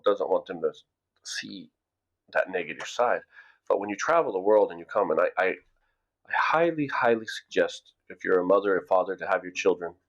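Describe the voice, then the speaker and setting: Gravelly low-voiced middle-aged American man. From United States. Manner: rambling, repeats words and restarts. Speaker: vlogger. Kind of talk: casual storytelling monologue. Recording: dull lo-fi recording.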